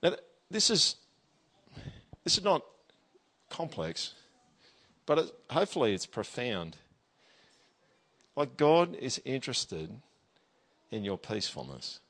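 A man's voice: mid-range voice, very animated, slow pace, long pauses, fairly bright tone. Male pastor, mid-range voice, casual sermon delivery, emphatic scripture reader. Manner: conversational preaching, with many tag questions; emphatic, reads scripture aloud.

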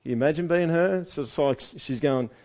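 A man's voice: a little high, a little fast, a little mellow. A man preaching a sermon in a conversational way, asking his listeners one rhetorical question after another. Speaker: pastor.

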